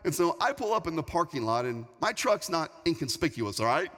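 A man's voice: high voice, expressive, a little fast, few pauses, a bit bright. A male pastor preaching a sermon in a large church hall, talking in a conversational, repetitive, storytelling way. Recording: long hall reverb, faint music.

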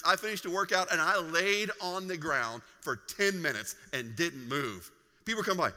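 Bright-voiced pastor preaching in a hall. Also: male voice, on the high side, normal speed. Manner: animated storytelling with humor. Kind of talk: sermon. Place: large church hall.

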